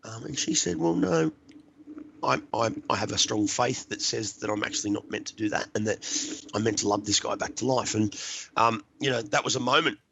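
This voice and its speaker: A middle-aged man, a podcast guest, earnestly telling a personal recovery story with halting restarts. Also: fairly low pitch, creaky, a bit bright, a little hiss or hum, low-quality recording. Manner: earnest, halting, repeats words while searching.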